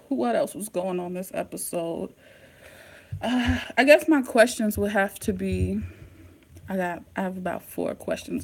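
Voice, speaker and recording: A woman hosting a casual live-stream recap, talking straight to her viewers in an excitable, slangy way. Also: mid-range voice, vocal fry. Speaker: TV recap host.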